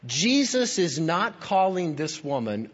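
A man's voice: a little high, big pitch swings, takes it slowly, husky. A man preaching a sermon as pastor, emphatic and teaching, speaking straight to his listeners. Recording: dull, lo-fi recording in a reverberant hall.

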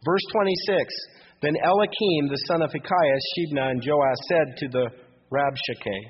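A man's voice: on the high side, normal speed, big-room sound, slight background noise. Man preaching through a muffled radio broadcast. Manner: reads scripture then paraphrases it in plain modern speech. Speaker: pastor. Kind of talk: verse-by-verse Bible teaching.

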